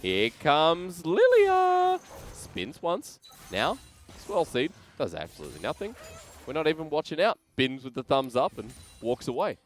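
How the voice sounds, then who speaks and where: A man with an Australian accent calling play-by-play esports commentary, excitable and joking between calls. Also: on the high side, unhurried, soft background music. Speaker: esports caster.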